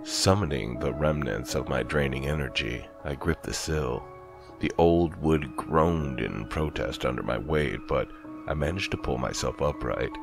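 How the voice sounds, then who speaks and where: A man's voice: a bass voice, unhurried, vocal fry, music in the background. A man narrating a horror story in a grave, dramatic, scripted reading.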